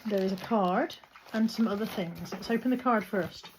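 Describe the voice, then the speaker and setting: A woman's voice: mid-range voice, moderate pace. A woman talking casually to camera in a chatty, rambling, self-deprecating vlog. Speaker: vlogger. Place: in a car, then at home. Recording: dull recording with clear background noise.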